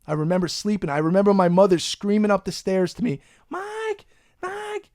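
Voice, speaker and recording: A man, hosting a podcast and telling a profane, animated story in a casual way. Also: sits high, quick pace, no echo, studio quality. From Long Island, New York. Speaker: podcast host.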